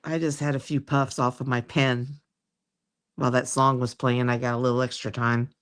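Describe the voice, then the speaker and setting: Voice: mid-range voice, little pitch movement, normal speed, a bit bright, clean tone. Rambly stream host just chatting away, keeps trailing off mid thought. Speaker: livestream host. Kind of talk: casual chat.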